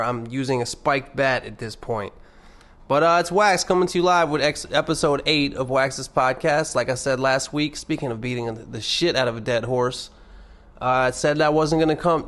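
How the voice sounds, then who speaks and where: A man's voice: mid-range voice, a bit bright. A young man hosting his own podcast alone, rambling and joking with lots of swearing. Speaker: podcast host. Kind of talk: casual solo podcast rant.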